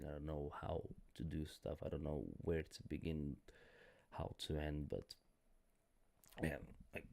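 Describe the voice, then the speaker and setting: Tired hoarse guy streaming, super low gravelly voice, blunt and rambly. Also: a little mellow. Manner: rambling, blunt, self-correcting. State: hoarse, voice cracking. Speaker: live streamer. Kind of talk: casual live-stream talk.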